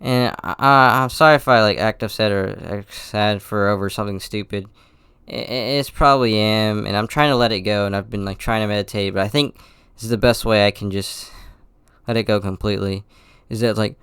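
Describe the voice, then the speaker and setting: A teenage boy talks through a casual solo podcast in a lowish, smooth voice. He rambles and hesitates, backing up and apologizing as he goes. The sound is close and dry. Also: steady tone, fairly quick, fairly bright tone, no echo. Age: teens. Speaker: podcast host.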